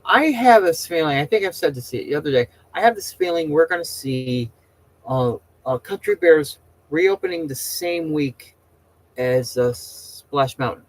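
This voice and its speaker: Here a middle-aged man hosts a laid-back talk with viewers, meandering and opinionated, frequently restarting lines and fumbling words. He speaks slightly high and expressively, at a somewhat slow pace. It's a rough recording.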